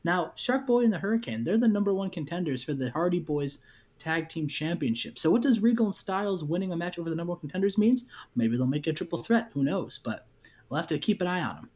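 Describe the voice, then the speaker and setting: A man's voice: fairly high pitch, animated, fast talker, a little mellow, lo-fi sound. Man casually recapping game matches. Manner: recaps results, repeats phrases. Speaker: game host. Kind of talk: casual gameplay commentary.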